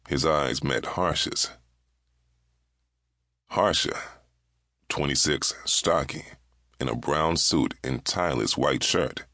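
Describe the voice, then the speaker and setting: Male audiobook narrator, very deep and gravelly, unhurried delivery. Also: a bit bright, no echo, clean studio sound.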